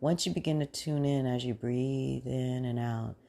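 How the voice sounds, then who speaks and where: Warm, gravelly-voiced woman coach. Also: rumbling low. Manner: calm, slow guiding voice; casual, says "y'all". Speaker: podcast host and mindfulness coach. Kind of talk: guided breathing meditation.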